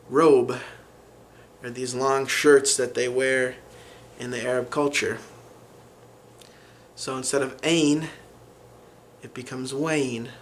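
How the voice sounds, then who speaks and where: A man talks through a language lesson at a slow, deliberate pace, and his voice sits at an ordinary middle pitch. He stops often to think, filling gaps with "um" before each new example. A faint background hiss runs under the recording. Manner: unhurried, many fillers and restarts while explaining. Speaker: language teacher.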